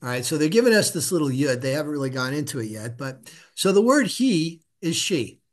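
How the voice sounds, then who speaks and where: Middle-aged man, slightly higher voice, unhurried tutor sounding out letters patiently. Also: very animated. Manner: patient, repeats syllables slowly for the student to echo. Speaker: Hebrew reading teacher. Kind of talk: casual one-on-one reading lesson.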